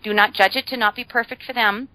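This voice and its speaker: A woman's voice: a little high, fairly even intonation, fast, bright, forceful tone, no echo, low-quality recording. A woman guest on a podcast, explaining ideas in a chatty way with frequent fillers and playful humor. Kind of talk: casual podcast conversation.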